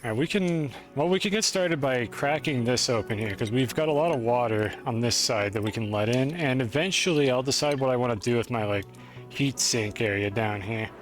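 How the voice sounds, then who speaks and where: An American man streams a game with faint music in the background, chatting casually with viewers in a rambling, self-deprecating way. His voice sits at a medium pitch and moves briskly.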